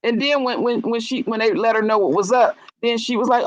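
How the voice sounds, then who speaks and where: A woman's voice: on the high side, fast talker, few pauses, dry recording, poor audio. A woman in casual chat, telling stories bluntly and animatedly with frank, salty language.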